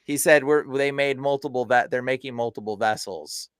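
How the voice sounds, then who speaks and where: Clean studio sound with no echo carries a man's clear, resonant, medium-pitched voice at a moderate pace. A deliverance minister appearing as a podcast guest, he animatedly retells stories in a casual way, acting out quoted people and laughing.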